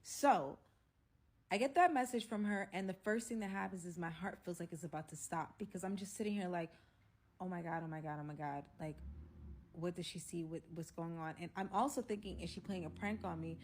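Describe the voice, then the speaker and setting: A woman with a somewhat low voice tells a personal story to her viewers in a casual storytime style. She is animated and acts out the quotes as she goes. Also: brisk, a little hiss or hum. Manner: animated, acting out quotes and whispers. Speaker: storyteller in a played video.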